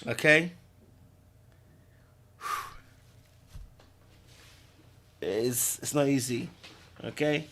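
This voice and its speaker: A man's voice: medium pitch, normal speed, pauses often, a bit bright. A man talks in a loose, easygoing ramble, full of slang and restarts. He chats casually as a podcast host, circling back over his own words. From Britain. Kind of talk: casual livestream chat.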